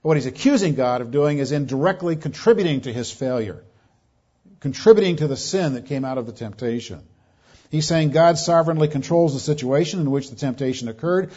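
A man's voice: fairly high pitch, expressive, brisk, warm tone, breathy edge. A man preaching an expository sermon, emphatic and repeating his key phrases, on a dull lo-fi recording. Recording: dull lo-fi sound.

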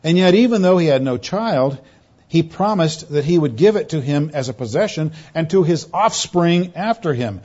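A man preaches an earnest expository sermon in a slightly high voice. He leans on repeated words and phrases to drive each point home. The recording sounds dull and lo-fi. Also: animated, normal speed, darkish tone.

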